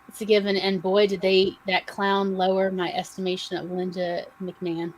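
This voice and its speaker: A woman's voice: mid-range voice, completely flat delivery, normal speed, a little hiss or hum, low-quality recording. A woman with a Southern American accent, co-hosting a livestream and chatting casually as she reads out audience comments with her own asides. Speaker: podcast co-host.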